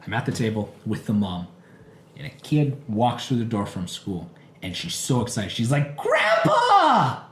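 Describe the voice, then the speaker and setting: A man in his thirties with a lowish voice trades stories on a podcast and pokes fun at himself with lively energy. He sounds like he is in a roomy, echoey space, with a faint hum of background noise under him. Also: normal speed. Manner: animated, self-mocking storyteller. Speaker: podcast co-host. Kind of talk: casual chat.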